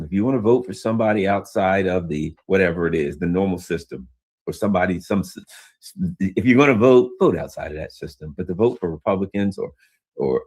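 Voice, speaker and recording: A man's voice: low-pitched, a little mellow, breathy edge. A man hosting a solo commentary stream, ranting in a heated, emphatic way, stumbling and restarting often, tired and yawning. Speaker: political commentary host.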